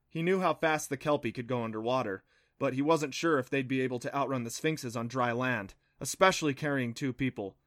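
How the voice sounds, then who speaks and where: A man narrating a children's adventure storybook in a steady, expressive reading. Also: mid-range voice, a little fast, dry recording, clean studio sound. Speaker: audiobook narrator.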